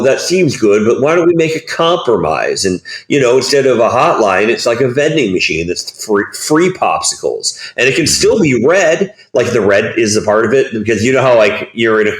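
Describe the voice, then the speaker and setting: A man being interviewed, telling rambling, animated stories packed with fillers. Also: fairly low pitch, roomy sound. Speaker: guest. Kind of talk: casual interview chat.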